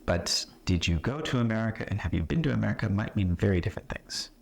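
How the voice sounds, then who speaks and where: Deep-voiced man teaching English, patient. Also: animated, quick pace, gravelly. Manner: patient, explains with example questions, checks in with "right?". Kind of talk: conversational classroom explanation. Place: classroom or retreat room.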